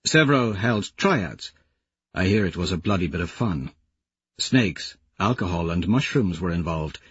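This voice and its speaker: A man reads a first-person audiobook in a slow, measured way. His voice is husky and sits at a middling pitch. The sound is dry and slightly dull. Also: animated, a bit bright, no echo. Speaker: audiobook narrator.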